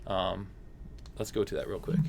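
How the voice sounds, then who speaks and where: A man's voice: low voice, level tone, normal speed, creaky, darkish tone, a little hiss or hum. A man hosting a casual game livestream, chatty and upbeat, with frequent fillers. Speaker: stream host.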